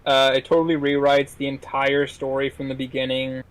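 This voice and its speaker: A man co-hosting a film podcast, reviewing a movie in casual chat with many halting restarts and fillers. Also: medium pitch, monotone, smooth, low-quality recording. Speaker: podcast co-host, film critic.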